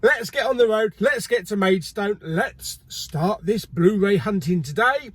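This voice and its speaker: A man's voice: high voice, expressive, measured pace, husky, no echo. A man hosting a casual shopping vlog, cheeky and jokey, swearing casually. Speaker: video host. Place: car and multi-storey car park.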